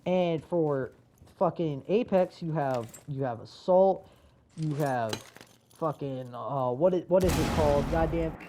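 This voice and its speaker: Young gamer host, mid-pitched voice, swearing freely and rambling through a casual rant, with a faint hiss behind. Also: a little slow, mellow, rough recording. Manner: profane, rambling, with many fillers and restarts. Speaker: gaming video host. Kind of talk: casual ranting commentary.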